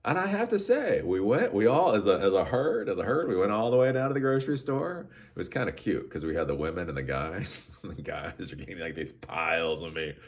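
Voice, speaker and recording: A man's voice: low-pitched, expressive, a little fast, hardly any pauses. A man hosting a podcast, telling a rambling story in a casual monologue with frequent restarts. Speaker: podcast host.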